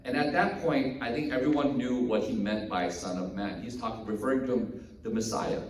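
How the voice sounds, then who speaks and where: A man's voice: mid-range voice, moderate pace. A male pastor preaching a sermon in a conversational, storytelling way in a church. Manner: conversational storytelling, animated, acts out characters. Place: church sanctuary. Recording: echoey hall from far off.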